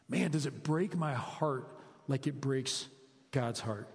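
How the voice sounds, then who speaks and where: A middle-aged man preaching a conversational sermon, energetic and quizzing his listeners with questions. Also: medium pitch, slow pace. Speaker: preacher, high school basketball coach. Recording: long hall reverb.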